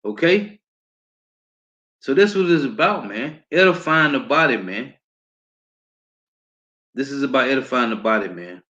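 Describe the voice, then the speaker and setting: A man with an American accent teaching scripture, reading verses slowly and often ending with "man.". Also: medium pitch, expressive, pushed and bright. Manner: reads verses slowly, repeats "man" as a tag. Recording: dull lo-fi sound.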